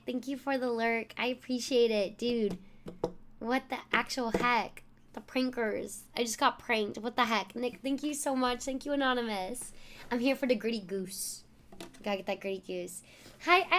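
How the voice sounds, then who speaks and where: A woman's voice: sits high, slight background noise. A young woman streaming live, laughing often as she exclaims and thanks her viewers.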